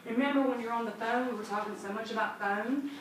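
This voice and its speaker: A woman's voice: a little high, fast talker. A woman trainer leading a classroom training session, upbeat and chatty, acting out little scenes. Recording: echoey room from far off, noisy.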